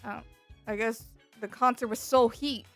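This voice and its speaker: A young woman streamer telling a story in a casual chat, animated and exasperated, full of fillers and restarts. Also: a little high, measured pace, faint music behind. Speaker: VTuber streamer.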